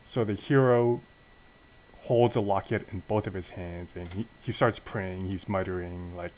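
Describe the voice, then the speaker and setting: A young man with a fairly low voice narrates a wrestling game story in a relaxed, offhand way. He hesitates often and restarts his sentences. He also pokes fun at his own choices. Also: normal speed, a little hiss or hum, rough recording. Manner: hesitant, self-deprecating, many restarts. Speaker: channel host narrating a wrestling sim.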